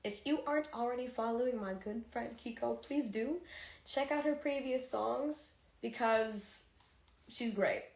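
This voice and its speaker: A woman chats with her fans over a phone livestream, candid, emotional and near tears, with many sighs. Her slightly high voice is gravelly and measured in pace, and the recording has a roomy echo.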